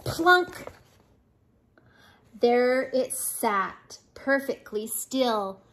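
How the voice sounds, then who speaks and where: A woman's voice: fairly high pitch, slow pace. An older woman, a grandmother, reading a children's picture book aloud with playful voices for the animals.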